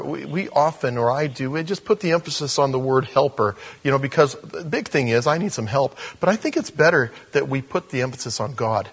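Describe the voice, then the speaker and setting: A man's voice: a little high, lively intonation, normal speed, vocal fry, slightly rough. A man preaching a sermon in a conversational, self-deprecating way, talking to his congregation like friends. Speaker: pastor.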